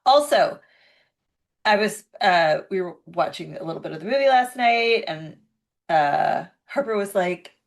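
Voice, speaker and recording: A middle-aged woman co-hosting a podcast in a low-pitched voice. She rambles through a story with lots of fillers and restarts. She drops the odd casual swear. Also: lively intonation, unhurried, vocal fry. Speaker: podcast co-host. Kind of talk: casual chat.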